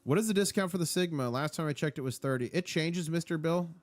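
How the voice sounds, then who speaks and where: A man's voice: fairly high pitch, fast talker, no room sound. A man hosting a casual live stream, reading out viewer comments in an upbeat, rambling way. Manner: rambling, with fillers and restarts. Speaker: livestream host.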